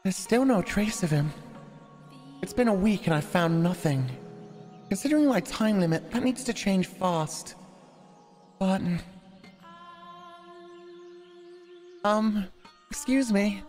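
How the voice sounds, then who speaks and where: A man's voice: high-pitched, expressive, measured pace, long pauses, a little mellow, big-room sound, soft background music, pitched above the performer's own voice. A man voicing a determined young woman who searches for her lost lover, reading a visual novel aloud. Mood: worried.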